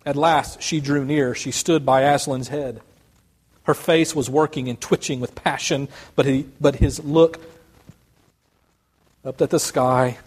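A male pastor preaching a sermon and reading a story aloud, earnest and sometimes restarting words. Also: a little high.

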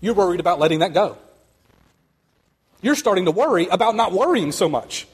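A man preaching a sermon, speaking earnestly and building to quick, emphatic runs. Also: high voice, expressive, breathy edge. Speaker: pastor.

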